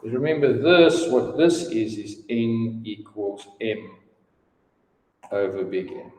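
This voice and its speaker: A man's voice: lowish voice, expressive, slow pace, a little mellow. A man in his fifties teaching a class, chatty and given to storytelling asides. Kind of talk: classroom lesson. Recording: echoey room with long reverb.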